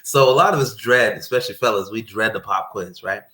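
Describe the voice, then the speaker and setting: Animated storytelling man, roomy sound. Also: on the low side, a little fast. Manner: animated, repeats phrases for emphasis; speaks in a faith-centered way. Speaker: paramedic guest. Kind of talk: storytelling in a podcast interview. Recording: roomy echo.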